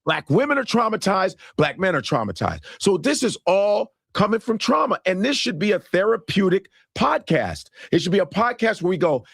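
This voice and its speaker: A man's voice: high-pitched, sing-song, normal speed, gravelly, hardly any pauses, slightly rough, no room sound, clean studio sound. A man from Chicago hosting a podcast, talking defensively, swearing and talking over others. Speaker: podcast host. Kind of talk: podcast talk.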